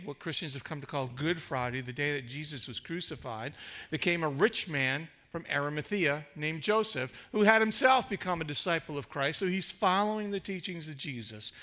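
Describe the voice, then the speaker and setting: A man's voice: fairly high pitch, pushed and bright. A man pastor delivering a sermon in a church, emphatic and rhetorical, building his points through repetition.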